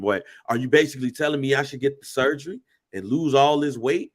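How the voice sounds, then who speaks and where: A man's voice: mid-range voice, brisk. A man co-hosting a podcast, telling a story in casual chat full of slang and swearing. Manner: profane, animated storytelling with slang. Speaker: podcast co-host.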